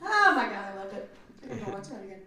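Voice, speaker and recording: A woman's voice: mid-range voice, fast, over a noisy crowd. A woman actor answering fan questions at a convention panel, joking and acting out voices as she tells stories. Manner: jokey, animated storyteller, acts out voices. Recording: very echoey room, from far off.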